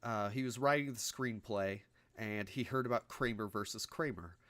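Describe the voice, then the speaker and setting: A man with a lowish voice talks casually on a podcast, wandering through his points with fillers and self-corrections. His voice is recorded close and dry, with no room sound. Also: moderate pace, fairly bright tone, no room sound. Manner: rambling with frequent fillers and restarts, laughs through his points. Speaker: podcast co-host. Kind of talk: casual film discussion.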